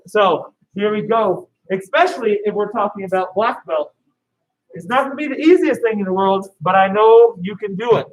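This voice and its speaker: A karate instructor teaching an online kids' class, upbeat, calling out drill commands and counting down. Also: male voice, high voice, rough recording.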